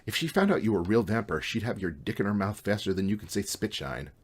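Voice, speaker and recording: A man's voice: lowish voice, animated, quick pace, slightly rough. Storybook sidekick, young man, eager and reckless, read by a man. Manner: upbeat, impulsive.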